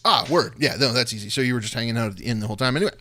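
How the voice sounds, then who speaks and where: Man, game master, casual narration, laughs a lot, mid-pitched voice. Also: very fast, sharp tone. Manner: casual, self-deprecating, laughs often.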